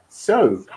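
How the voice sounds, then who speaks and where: A man's voice: warm tone, a little hiss or hum, low-quality recording. A man hosting a casual online quiz, reading out the rules and questions with joking asides. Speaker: quiz host.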